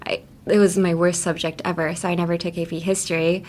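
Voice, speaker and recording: Young woman host, chatty english lesson, laughs a lot, says phrases out slow and clear. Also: lowish voice, level tone, a little mellow. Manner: chatty, laughs often, models phrases slowly. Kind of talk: casual podcast English lesson.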